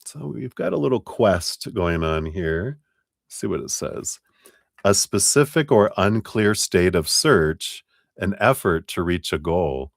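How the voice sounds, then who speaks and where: Low-voiced guy doing a live tarot stream, chatty, laughs a lot, dry sound. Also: lively intonation, slow, vocal fry, no room sound. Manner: chatty, laughs often, acts out quotes. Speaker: tarot reader.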